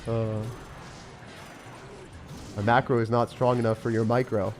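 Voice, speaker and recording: A man's voice: mid-range voice, flat delivery, measured pace, long pauses, slight background noise. A young man streaming a game live, joking at his own expense and answering chat. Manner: self-mocking, jokey, reads and answers chat.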